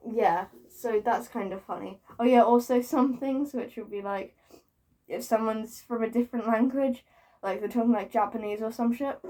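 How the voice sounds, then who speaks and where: A woman's voice: a little high, darkish tone. A woman vlogger ranting casually to camera, swearing freely, giggling and mocking herself, repeating words for emphasis.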